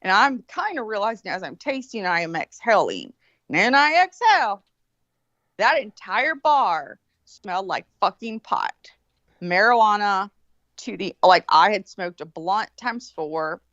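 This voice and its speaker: Brief: woman, podcast co-host, animated and profane storyteller, dry muffled lo-fi sound. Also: mid-range voice, a little slow, no room sound. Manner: profane, animated, acts out quoted voices. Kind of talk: casual storytelling. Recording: slightly muffled, dry lo-fi audio.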